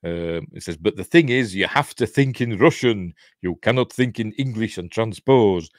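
A middle-aged man with a broad Yorkshire accent rambles through a film he is watching, stopping often for ums and small chuckles. His voice sits a little low. The sound is dry and close. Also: animated, normal speed, dry recording. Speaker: channel host, film commentator. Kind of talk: casual movie watch-along commentary.

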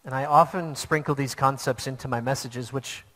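Male pastor, earnest storytelling sermon, mid-pitched, long hall reverb. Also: steady tone, moderate pace, fairly bright tone.

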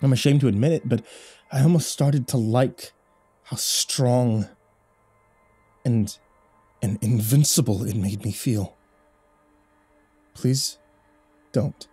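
A man reading a first-person horror story aloud, measured with dramatic swells. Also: medium pitch, warm tone, husky, soft background music.

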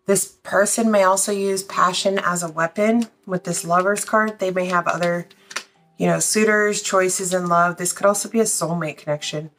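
A woman's voice: fairly low pitch, fairly even intonation, normal speed, fairly bright tone. A woman doing a casual tarot reading, chatty and blunt, swearing freely and a little out of breath. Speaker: tarot reader.

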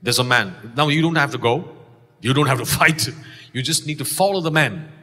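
Fairly quick and expressive, a man with a slightly high voice and a Malaysian English accent delivers an exuberant sermon as a pastor in a church sanctuary. He shouts his key lines and calls on the congregation to respond, with long reverb filling the space.

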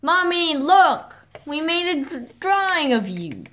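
A woman voicing small, excited chicks in a storybook reading, high and eager. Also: takes it slowly, a little hiss or hum, exaggerated voice.

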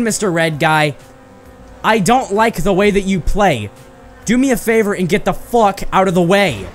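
A young man giving casual, profane let's-play commentary with loud outbursts and fast rambling. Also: high voice, expressive, faint music behind. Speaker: gaming YouTuber.

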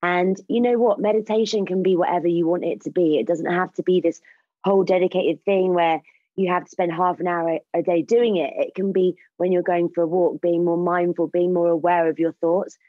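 A woman's voice: lowish voice, steady tone, a little fast, no echo. A woman DJ speaking as a podcast guest, talking fluently and enthusiastically. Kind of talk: casual panel chat. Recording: dull lo-fi audio.

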